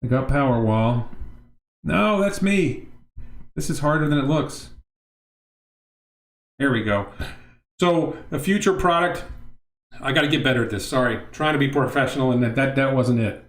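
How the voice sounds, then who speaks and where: A man's voice: mid-range voice, lively intonation, moderate pace, long pauses. Rambling middle-aged man, echoey room. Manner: rambling, self-interrupting, reads chat questions aloud. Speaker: livestream host. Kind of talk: casual livestream talk answering chat questions.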